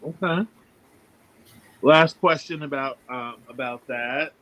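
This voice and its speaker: A man hosting a casual remote podcast interview, asking questions in a relaxed way with fillers and restarts. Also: mid-range voice, takes it slowly, dull audio. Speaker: podcast host. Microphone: podcast microphone over remote call.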